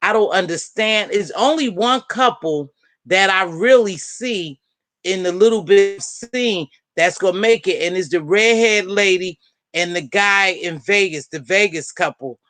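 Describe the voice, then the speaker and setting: A woman hosting a casual live-stream panel, chatting and gossiping in an animated way and calling out friends by name. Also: medium pitch, measured pace. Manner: animated, talks straight to viewers and friends by name. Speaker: panel host.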